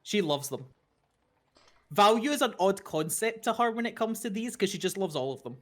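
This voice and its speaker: A game master narrating a tabletop game in a lively, rambling manner. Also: mid-range voice, normal speed.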